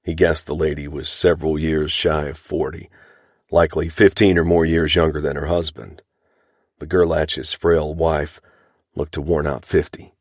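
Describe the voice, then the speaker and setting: An audiobook narrator with a very deep, low male voice reads a western in a measured, even manner. The scripted narration is recorded dry and close, with no room sound or echo.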